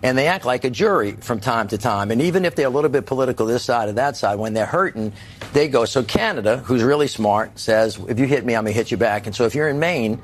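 A man's voice: mid-range voice, animated, fairly quick. A man speaking as a political guest on a panel show, folksy and emphatic, acting out the voices of ordinary people.

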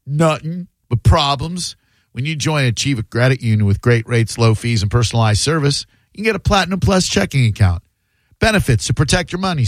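Wisecracking radio host, dry studio sound. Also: male voice, fairly high pitch, dry recording. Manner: joking, sarcastic, quick banter. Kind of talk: casual radio talk and live ad reads. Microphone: studio microphone.

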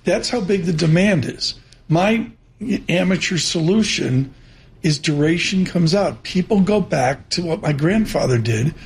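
A man with a fairly high voice, co-hosting a financial show. He asks long, loose questions and drifts into stories along the way. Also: lively intonation, unhurried. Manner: rambling, anecdotal questions. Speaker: co-host. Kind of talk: casual financial interview.

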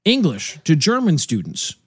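A man in a casual conversation who tells stories with a lively, swinging pitch and plays out the voices of the people he quotes. He stumbles and restarts often. The sound is dry and close. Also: normal speed, breathy edge, no echo. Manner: animated storyteller, many restarts and voiced quotes. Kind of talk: casual chat.

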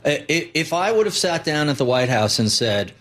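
A man's voice: on the high side, big pitch swings, a little fast, a bit bright. A man being interviewed as an investor guest, blunt and emphatic, building his points with lists. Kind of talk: interview conversation.

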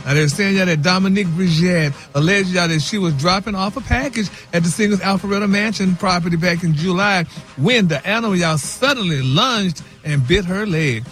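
A man's voice: sits high, brisk, a bit bright. A man reading celebrity news on a radio morning show, sassy, dropping "y'all" and "honey" throughout.

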